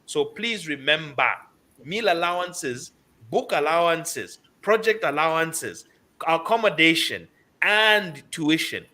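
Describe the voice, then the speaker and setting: A man's voice: a little high, expressive, takes it slowly, pushed and bright. A man giving financial advice on a talk show, lecturing emphatically and repeating key words for stress. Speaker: financial commentator.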